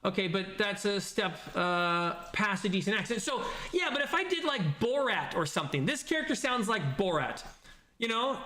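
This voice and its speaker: A man talks loosely on a livestream, pausing with fillers as he reacts to comments. His voice sits high and bright. The room around him is echoey. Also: sing-song, a little hiss or hum. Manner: rambling, thinking aloud with many fillers. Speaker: streamer reading viewer comments. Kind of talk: casual livestream chat.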